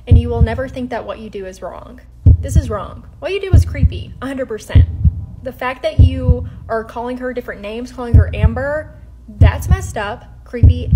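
A woman's voice: fairly high pitch, highs cut off. A woman giving heated, firm commentary to camera, stressing each point. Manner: indignant, firm, emphatic.

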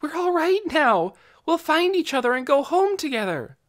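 A man's voice: very high voice, sing-song, moderate pace, fairly bright tone, pitched above the performer's own voice, full character voice. A man voicing a young girl in an audiobook, calling out at the top of her lungs across open fields. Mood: relieved.

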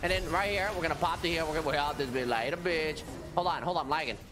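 A man streaming a video game live, trash-talking opponents with loud, profane taunts and catchphrases. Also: fairly high pitch, quick pace, background noise. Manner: hyped, profane trash talk. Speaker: gaming streamer. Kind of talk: live gameplay commentary. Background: music.

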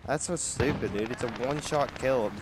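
A man's voice: medium pitch, normal speed, very noisy. A man giving casual gameplay commentary, exasperated and trash-talking. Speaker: gamer commenting on his own play. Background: loud game music and gunfire.

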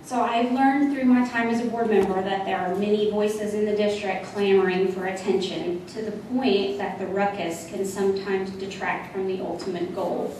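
A woman, a retiring school board trustee, reading her measured farewell speech from notes. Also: mid-range voice, steady tone, darkish tone. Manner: measured, reading prepared remarks. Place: school board meeting room. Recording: echoey hall, mic from far off, noisy.

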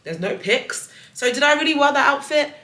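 A woman's voice: high voice, expressive, normal speed, sharp tone, reverberant, far from the mic, rough recording. A young woman chatting casually to camera as a travel vlogger while she gets ready in a hotel room, joking about herself as she goes. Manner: chatty, self-deprecating, talks to viewers while getting ready. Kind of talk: casual vlog chat to camera.

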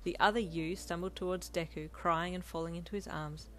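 A woman narrating her own fanfiction in a steady, gentle storytelling voice. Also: lowish voice, brisk, slight background noise. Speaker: fanfiction reader. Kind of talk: scripted narration.

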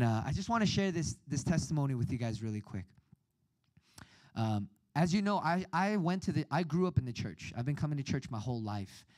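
A man in his thirties preaching a sermon over a video call, telling a personal story with lively acted-out voices. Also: a little high, no echo. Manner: animated storytelling, acts out quoted voices.

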